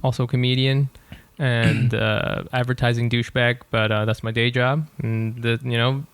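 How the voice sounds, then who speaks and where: A man's voice: mid-range voice, flat delivery, moderate pace, smooth, no room sound. Easygoing self-mocking young man. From Anaheim Hills, California. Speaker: comedian, co-host. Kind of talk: casual podcast banter.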